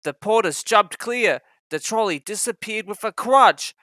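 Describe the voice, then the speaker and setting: A man reading a children's storybook aloud, expressive and acting out every character. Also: sits high, measured pace, no echo. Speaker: narrator.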